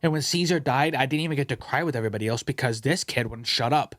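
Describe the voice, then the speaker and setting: A young man co-hosting a casual podcast, telling stories in an animated way with lots of slang and swearing, sometimes mimicking other people's voices. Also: medium pitch, quick pace, no echo, clean studio sound. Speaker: podcast co-host.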